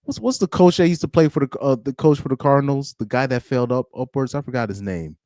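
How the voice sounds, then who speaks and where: A man's voice: medium pitch, quick pace, warm tone, no echo, studio quality. A man hosting a casual live stream, reacting to a football game and laughing often as he rambles. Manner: laughs often, loose and rambling with many restarts.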